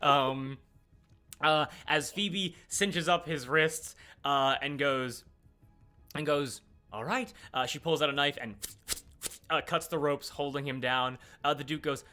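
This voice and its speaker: A man's voice: a little high, steady tone, slow, sharp tone, faint music behind. A man narrating a tabletop game as game master, rambling and filling his sentences with "uh" and "like". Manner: rambling, with many fillers.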